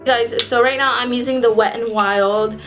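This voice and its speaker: A young woman chats her way through a casual makeup tutorial. Her voice sits a little high, and she often stops to correct herself mid-phrase. Soft music plays underneath. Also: fairly even intonation, moderate pace, poor audio. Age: young adult. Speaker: beauty vlogger.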